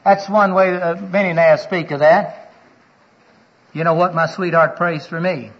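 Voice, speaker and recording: Man, middle-aged, preacher, sermon, high husky voice, earnest storyteller, muffled recording. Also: fairly even intonation, moderate pace. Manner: earnest storytelling, quoting others aloud. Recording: dull lo-fi recording.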